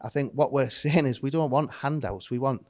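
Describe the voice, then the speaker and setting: A man's voice: mid-range voice, normal speed, darkish tone, dry recording. Earnest, reflective man guest. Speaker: pastor, podcast guest. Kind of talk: casual discussion.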